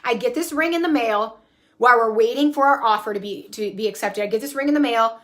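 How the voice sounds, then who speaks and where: A woman in her thirties telling a story about her home in a casual, animated and profane way, recorded on her phone at home. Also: a little high, quick pace. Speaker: spiritual coach and vlogger. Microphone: phone camera.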